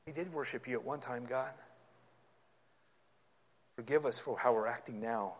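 A man preaching a sermon, reading scripture aloud and explaining it, his delivery growing impassioned until he is nearly yelling. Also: mid-range voice, moderate pace. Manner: impassioned, rising to yelling at times.

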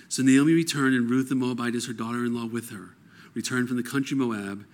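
Male Bible teacher, mid pitch, alternates reading verses aloud with casual explanation. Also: fairly even intonation, brisk, darkish tone. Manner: reads scripture aloud, then explains it conversationally.

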